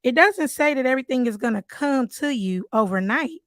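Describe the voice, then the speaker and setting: Her voice is high and lively in intonation, delivered briskly with no room sound. Hosting a podcast, this adult mother of three earnestly recounts a personal faith story, weaving in warm asides as she goes.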